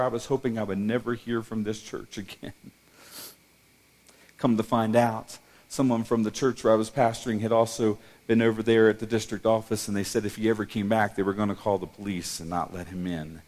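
A middle-aged man, a pastor, telling a personal testimony in a sermon, emotional and halting with many restarts. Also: fairly low pitch, vocal fry, darkish tone.

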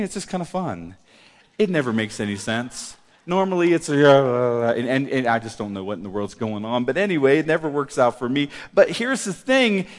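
A middle-aged male pastor preaching a sermon in a church, animated, swinging between loud emphasis and quiet asides. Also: on the high side. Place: church hall. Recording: long reverb of a church hall.

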